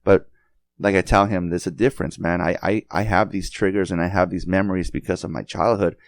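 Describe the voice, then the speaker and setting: A middle-aged man in casual podcast conversation, talking in a halting way with many restarts and repeated words. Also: low-pitched, steady tone, vocal fry, no echo, clean studio sound. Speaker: podcast host.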